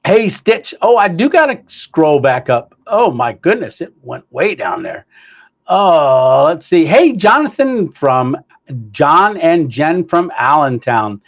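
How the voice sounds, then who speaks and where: A man's voice: on the high side, very animated, slow pace, highs cut off. Upbeat man hosting a live chat. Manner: upbeat, greets viewers by name, many fillers. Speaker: livestream host. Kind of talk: casual live chat reading viewer comments. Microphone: clip-on microphone, sometimes staticky.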